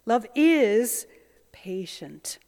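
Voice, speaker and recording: A woman's voice: on the high side, very animated, drawn-out words, a little mellow. A woman preaching a sermon in a reflective, self-searching, conversational way. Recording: long hall reverb.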